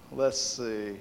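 A man preaching as a pastor in a church, relaxed and joking, with frequent fillers. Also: medium pitch, gravelly. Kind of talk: casual sermon with prayer. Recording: long church hall reverb.

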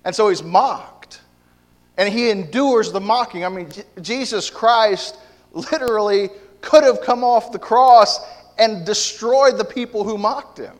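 A male preacher delivers an emphatic sermon, repeating and restarting phrases as he builds his point. His voice sits a little high, and it rings through a large church hall with a long reverb. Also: measured pace. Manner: emphatic, repetitive, with frequent restarts.

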